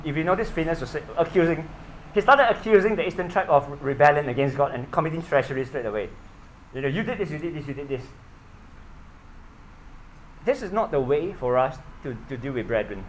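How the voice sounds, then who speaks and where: A man preaching a sermon, his pitch rising and falling a lot. He sounds earnest, checks in with his listeners with frequent questions and repeats his words as he goes. A faint hiss sits under the recording. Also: expressive, fast talker, rough recording.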